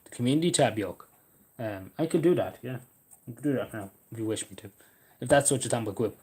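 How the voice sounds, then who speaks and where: A man's voice: mid-range voice, lively intonation, fast, a little mellow. A man with an Irish border accent from Cavan, rambling and swearing as he chats with viewers while hosting a livestream. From Ireland. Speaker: livestream host. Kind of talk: casual livestream chat reading the chat.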